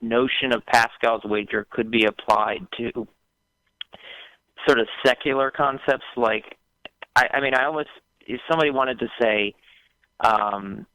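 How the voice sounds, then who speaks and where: Guy calling in, lowish but bright tense voice, dry sound, kinda halting and repeats himself. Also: no room sound, low-quality recording. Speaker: caller. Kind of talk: call-in conversation.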